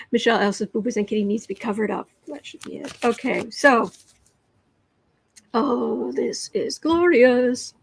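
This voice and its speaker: A woman with an American accent chats slowly through a tarot livestream. Her voice sits a little high, and she sometimes falls into a soft whisper while she reads comments aloud. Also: creaky, husky, no room sound. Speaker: tarot reader and livestream host. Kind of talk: casual livestream chat with tarot reading.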